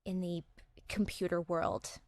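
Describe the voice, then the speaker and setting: A woman's voice: on the low side, flat delivery, measured pace. A woman speaking as a guest on a podcast, telling stories about her work in a friendly, chatty way that often trails off and restarts. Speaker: guest voice actress. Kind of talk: casual interview chat.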